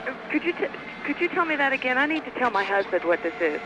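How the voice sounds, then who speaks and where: A woman's voice: high-pitched, very animated, fast. A woman on a phone call, dry and wary, with sarcastic replies. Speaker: prank call target. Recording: noisy phone line.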